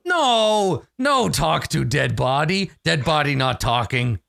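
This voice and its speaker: A man voicing a big, simple-minded woman who speaks in slow, broken phrases. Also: on the high side, sing-song, gravelly, fairly bright tone, dry recording, studio quality, voice pushed up, heavily acted. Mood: blunt, puzzled.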